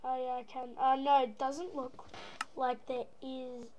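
An Australian woman who hosts a gaming channel puts on an American accent while rambling playfully through gameplay commentary, making silly noises. Her voice sits high with little pitch movement, a little slow, and the audio has the highs cut off with a little hiss or hum.

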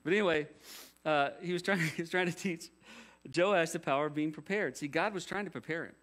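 A man's voice: a little high, a little fast, fairly bright tone. A man preaching a sermon as pastor, conversational, with rhetorical questions and jokey asides.

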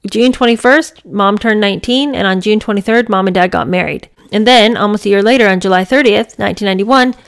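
A woman reading a memoir aloud and breaking off into chatty, enthusiastic commentary full of "you know" and "I mean". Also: medium pitch. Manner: chatty, enthusiastic, many fillers. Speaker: book reader and reviewer.

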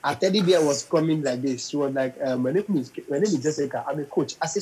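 A young adult man with a fairly high voice talks fast with few pauses, on a rough recording. He's a comedian guest in an interview, telling animated stories, acting out voices and singing bits.

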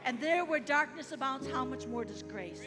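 A high-pitched American woman preaching to a congregation in a church hall with a long echo. She is animated and leads call-and-response. Music plays behind her. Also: moderate pace. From United States. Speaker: guest missionary preacher. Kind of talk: sermon.

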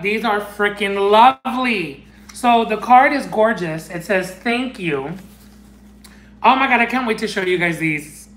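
A man unboxing fan mail in a casual chat, gushing and excitable, bursting into squeals and dropping into Spanish phrases. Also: high voice, measured pace. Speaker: unboxing vlogger. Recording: echoey room.

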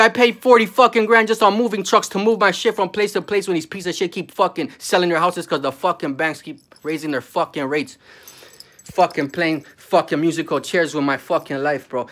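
A man's voice: sits high, sharp tone. A man, ranting angrily and with a lot of profanity in a vlog, often tacking 'bro' onto his sentences. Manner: heated, profane, repeats 'bro'. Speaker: vlogger. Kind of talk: angry profane rant to camera.

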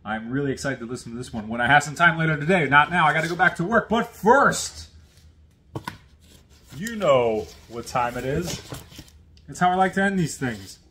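A man hosting a casual unboxing video, chatty and self-deprecating, full of quick asides. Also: fairly high pitch, expressive, bright, forceful tone, a little hiss or hum. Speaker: host of an unboxing series. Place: at work on a lunch break.

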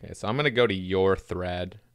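A man hosting a casual gaming podcast, talking in a relaxed, rambling way. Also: deep voice, a little fast, clear, resonant tone, dry recording. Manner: relaxed, rambling with many "like" fillers. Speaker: podcast host.

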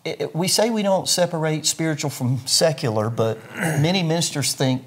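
A man's voice: on the high side, lively intonation, moderate pace, husky. An older man, a pastor, explaining his views earnestly in a sermon-like way during an interview. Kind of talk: interview conversation.

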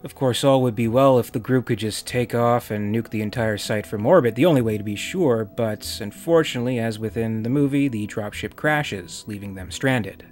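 A man's voice: mid-range voice, normal speed, hardly any pauses, darkish tone, faint music behind. A man narrating a comic review as host, in a dry, wry manner. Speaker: video essay host.

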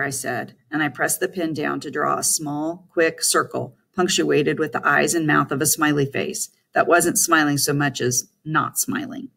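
A woman's voice: low-pitched, normal speed, creaky, hardly any pauses. A woman narrating a first-person story as an audiobook, reading in a storytelling manner. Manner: first-person storytelling, lively voiced dialogue.

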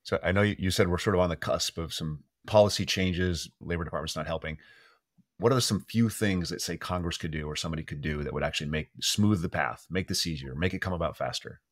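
Brief: very low-voiced male host, rapid questions, dry close sound. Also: no room sound. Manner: quick, friendly questioning. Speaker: podcast host. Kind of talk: casual interview conversation.

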